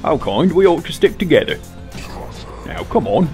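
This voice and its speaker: Uomo che fa un demone spaccone dall'accento del West Country. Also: male voice, fairly high pitch, sing-song, moderate pace, mellow, soft background music, voice pushed up. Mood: taunting. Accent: West Country English. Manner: boastful, taunting drawl. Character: massive swaggering male demon, brash and mocking.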